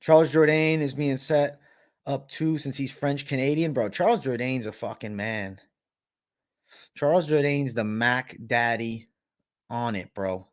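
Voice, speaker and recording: A man's voice: medium pitch, measured pace. A man hosting a live stream, chatting casually in a brash, profane way, peppering his talk with "bro" as he answers viewer questions. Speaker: host of a live betting show.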